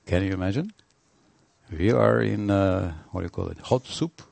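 Gravelly-voiced man giving a devotional lecture. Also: on the low side, no echo. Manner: halting, many fillers and restarts, animated storytelling. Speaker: spiritual teacher.

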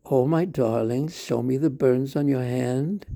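A man's voice: mid-range voice, unhurried, gravelly, mellow, no room sound, studio quality. A man voicing the doting mother Yashoda in a told story, speaking with raised, affectionate tenderness. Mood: tender.

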